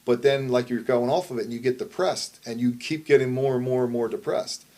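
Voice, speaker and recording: A man's voice: medium pitch, brisk, mellow. A middle-aged man, a wrestler and promoter, telling a story in a shoot interview. He speaks bluntly, swears constantly and rambles. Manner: blunt, heavily profane, rambling.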